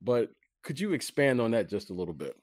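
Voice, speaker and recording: A man hosting an interview, asking questions in a measured, unhurried way. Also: mid-range voice, very animated, a little mellow, no echo, clean studio sound. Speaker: podcast host.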